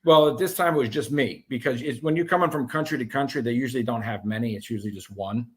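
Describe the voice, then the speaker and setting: A man telling his own story as an interview guest, animated and profane, with many restarts. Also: mid-range voice, quick pace.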